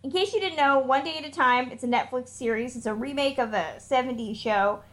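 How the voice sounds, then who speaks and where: A woman co-hosting a podcast, her voice sitting a little high. She talks in blunt, emphatic bursts and isn't shy about cursing. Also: brisk, a bit bright. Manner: emphatic, blunt, swears freely. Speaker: podcast co-host. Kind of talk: casual opinionated chat.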